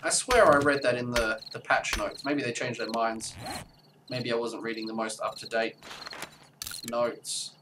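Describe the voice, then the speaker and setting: Rambling male gamer, distant mic, loud noise. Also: medium pitch, measured pace. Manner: rambling, chatty, with sudden excited outbursts. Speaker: let's play streamer. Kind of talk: live gameplay commentary.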